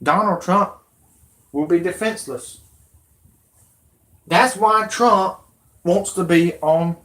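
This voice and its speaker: Rambling, agitated man ranting on a stream. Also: sits high. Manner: agitated, rambling, rising into shouty outbursts. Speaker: live-stream host. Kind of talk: rambling live-stream rant.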